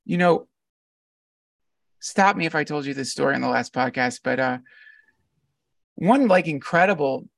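Gravelly, reflective man telling a story. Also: on the high side, animated, normal speed, long pauses, fairly bright tone, dry recording, clean studio sound, distant mic. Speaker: podcast guest. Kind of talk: casual conversation.

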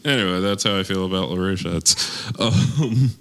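A man's voice: deep voice, moderate pace, fairly bright tone. A man co-hosting a casual chat, rambling and wry, often restarting his sentences. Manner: rambling, self-correcting, wry. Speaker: podcast co-host.

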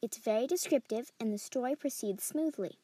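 A woman reading a story aloud in a steady, descriptive way as a podcast host. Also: on the high side, brisk, husky, no echo. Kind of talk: scripted story narration.

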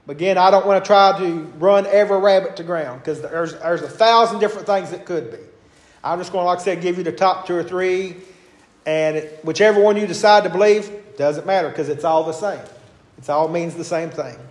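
A man's voice: high voice, brisk, roomy sound. A man teaching a Bible class in a conversational way, with hesitations and homely stories.

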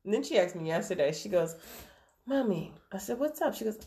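A woman's voice: lowish voice, rapid-fire, heavy background noise. A woman in her thirties, a podcast co-host, telling a story in casual chat, acting out quotes and laughing often.

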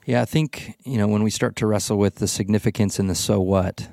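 A man hosting a podcast Bible study, telling the story with lively acted-out quotes. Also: on the low side, fairly quick, creaky, no room sound, clean studio sound. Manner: animated storytelling, acts out voices in quotes. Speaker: podcast host. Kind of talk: casual Bible study discussion.

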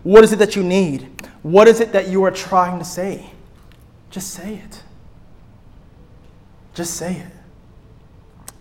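A young man teaches a church group, his voice sitting high for a man. He is lively and playful, acting out small scenes and hammering his main points by saying them twice. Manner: lively, playful, acts out little scenes and repeats key points.

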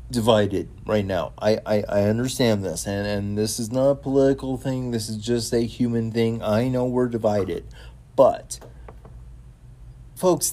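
A man's voice: medium pitch, a little mellow. A man hosting a casual solo talk show about wrestling, talking enthusiastically with many fillers, restarts and repeated words. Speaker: podcast host.

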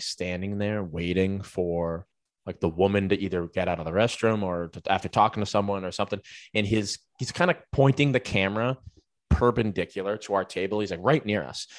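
A man with a somewhat low voice co-hosts a casual podcast chat. He rambles through his stories with plenty of fillers and restarts. His voice is recorded dry and close. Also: moderate pace, no room sound. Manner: rambling storyteller with many fillers, laughs while telling. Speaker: podcast co-host.

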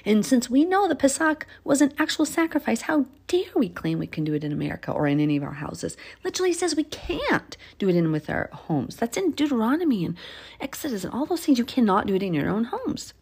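A woman teaching a casual Bible study on a phone, chatty and quick to laugh, growing animated when she stresses a point. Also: fairly high pitch, husky.

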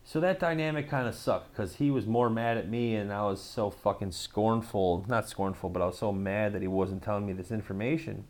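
A man's voice: on the low side, a little fast, hardly any pauses, darkish tone. A man casually telling a story to camera, rambling with lots of fillers and swearing.

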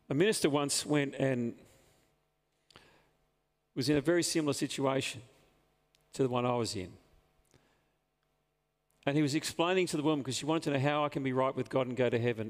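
A pastor delivers an earnest sermon in a gravelly voice, drawing out key words for emphasis. His voice rings with the long reverb of a church hall. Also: mid-range voice.

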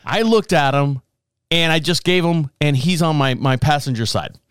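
A man hosting a podcast, telling a story in a casual, profane, animated way and laughing along as he goes. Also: fairly high pitch, moderate pace, clean tone, no room sound, studio quality. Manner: profane, animated, laughs through his stories. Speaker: podcast host.

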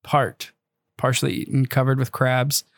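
A man's voice: mid-range voice, flat delivery, normal speed, vocal fry, no echo. A man casually recapping a film, easygoing and full of fillers, laughing often. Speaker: podcast co-host recapping a film. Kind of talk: casual chat.

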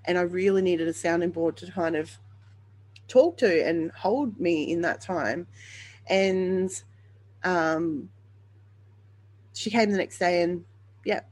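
Speaking slowly and pausing often, a podcast host tells the story of giving birth in a frank, personal monologue. She's earnest and open, saying um a lot and correcting herself, in a fairly low, slightly mellow voice. The recording is rough.

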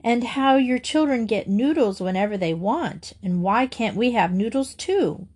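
A woman's voice: fairly high pitch, lively intonation, a little slow, a little mellow, husky. A woman reading aloud and voicing a worried, exasperated mother in a storybook. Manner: fretful, exasperated. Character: worried mother of a picky-eating boy.

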